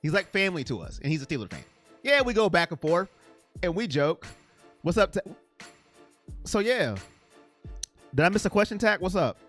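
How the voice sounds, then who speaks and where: A man hosting a casual live stream chat, rambling excitably and reading viewer comments aloud. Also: sits high, normal speed, pauses often, faint music behind.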